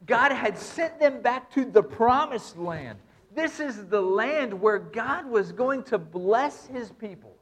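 Pastor preaching, pretty high voice, keeps hammering points with repeats. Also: male voice. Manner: emphatic, repetitive preaching with scripture reading. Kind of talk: sermon.

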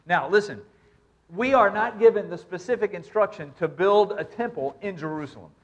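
A pastor preaching a sermon, reading scripture and repeating points with emphasis. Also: male voice, high voice, normal speed.

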